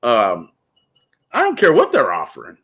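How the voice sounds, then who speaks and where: A man's voice: medium pitch, huge pitch swings, normal speed, a bit bright. A man hosting a casual talk show, speaking bluntly and ranting, often calling the listener "dude.". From California. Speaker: podcast host.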